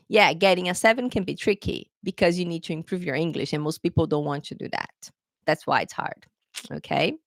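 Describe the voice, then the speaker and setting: A woman's voice: mid-range voice, a bit bright. A chatty woman tutor answering viewer questions live, with a mid-range voice and no room echo. She talks loosely and keeps tagging "okay, guys" onto her points. The sound is close and dry. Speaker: English test tutor. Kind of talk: casual live Q&A lesson.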